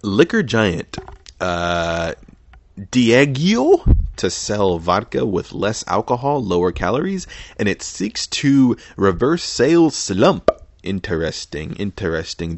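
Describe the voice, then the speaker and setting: Man, podcast host, low voice, swooping lively pitch, sarcastic and profane, dry close sound. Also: dry recording. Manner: sarcastic, profane, mumbling asides. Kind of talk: casual solo rant reading the news.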